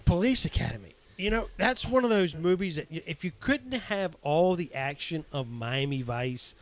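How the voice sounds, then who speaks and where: A man's voice: a little high, lively intonation, normal speed. A man co-hosting a casual podcast, talking in an enthusiastic, emphatic way. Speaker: podcast co-host.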